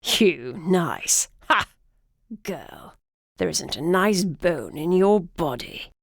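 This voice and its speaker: A woman voicing a cranky, blind old male griffin in human form, with a gruff, rasping English accent, in an audiobook. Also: on the low side, animated, drawn-out words, dry recording, studio quality, heavily acted. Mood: sneering. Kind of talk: audiobook character voice.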